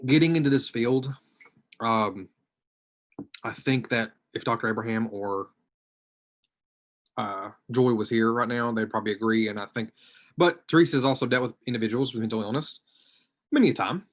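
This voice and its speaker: In an online group discussion, a male social work student on the panel recounts his own experience, pausing often at a moderate pace in a medium-pitched voice. He seems hesitant and introspective, and his words tend to fade out softly.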